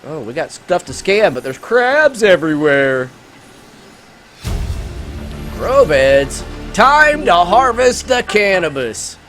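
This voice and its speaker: A man hosting a gaming channel, giving let's play commentary with a movie review, jokey and excitable and talking straight to his viewers. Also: high-pitched, slow, pauses often, faint music behind.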